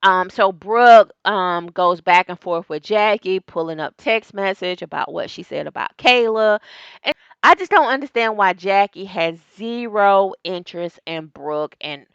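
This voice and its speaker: A woman dishes on a reality TV episode in a chatty recap vlog, calling her viewers "y'all" and "girl" and jumping up in pitch when something gets juicy. Her voice is bright and smooth, close to the mic in a dry room. The sound is a little dull, like a modest home setup. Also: a little slow, no echo. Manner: animated, jumps up in pitch when excited. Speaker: reality TV review vlogger. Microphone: desk microphone.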